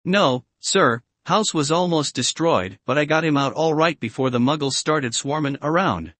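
A huge, gruff giant of a man with a big soft heart, talking in rough plain grammar, his voice sitting a little high for his size, as a male reader puts him on. The sound is dry and close, with no room around it. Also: normal speed, no room sound. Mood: relieved.

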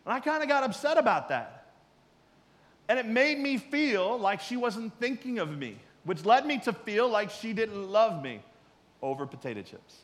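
Middle-aged male pastor, high voice, chatty sermon delivery, punchy then hushed, long hall reverb. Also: very animated, moderate pace. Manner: conversational preaching, swinging from loud emphasis to quiet asides.

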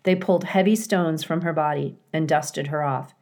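A woman teacher reading a children's novel aloud in a calm, clear storytelling manner. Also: low-pitched, moderate pace. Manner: calm, clear storytelling with occasional dramatic emphasis.

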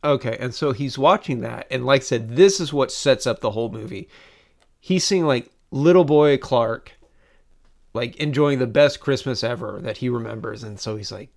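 A man in casual chat as a podcast co-host, retelling movie scenes in an animated, rambling way, with many restarts. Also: medium pitch, normal speed, gravelly.

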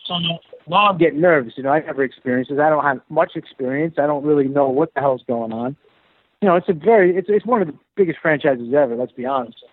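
A man telling an animated, filler-heavy story about his acting career, slipping into the voices of the people he quotes. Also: fairly high pitch, quick pace, slightly rough, no room sound. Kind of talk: casual storytelling interview. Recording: dry, phone-like narrow sound.

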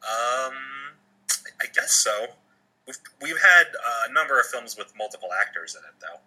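A man's voice: mid-range voice, expressive, normal speed, sharp tone, breathy edge, rough recording. A man co-hosting a casual movie podcast, summarizing plots with many uhs and ums and dropping dry quips. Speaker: podcast co-host.

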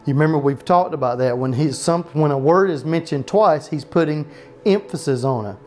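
This is a pastor preaching at home in a loose, talky way, with a voice of middling pitch. The pastor keeps circling back with restarts and quick asides about straying from the notes. It sounds like a small home Bible study, not a big church. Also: darkish tone, soft background music. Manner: conversational preaching, frequent restarts and off-note asides.

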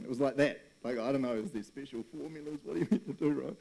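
A man in his fifties delivers a relaxed, storytelling sermon as a pastor, talking to the congregation like friends and breaking into laughs. His voice sits at an ordinary pitch with a soft, mellow tone. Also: fast, creaky, few pauses, husky, low-quality recording. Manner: casual and chatty, laughs often, says "right?" and "bro".

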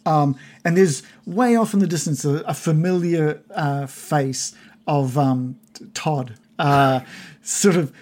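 A game master narrating a tabletop game, pausing often and restarting his sentences. His voice is slightly husky and sits at a middle pitch. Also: darkish tone. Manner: hesitant, full of restarts.

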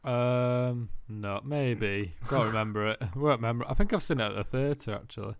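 A man's voice: mid-range voice, normal speed, clear, resonant tone, no echo. A man co-hosting a podcast, chatting casually and posing dry, questioning remarks. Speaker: podcast co-host. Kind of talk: casual banter.

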